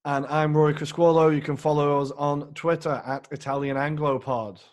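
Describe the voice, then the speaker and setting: A man's voice: fairly high pitch, little pitch movement, moderate pace. A man co-hosting a casual football podcast, talking with rambling enthusiasm and some self-mockery. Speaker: podcast co-host.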